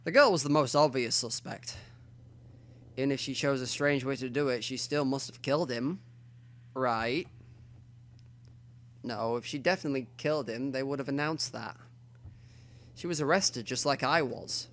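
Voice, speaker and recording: Reading a visual novel aloud for his let's play, this man slips in quiet self-directed asides between narration. His pitch is medium, his speed normal, and he leaves long pauses.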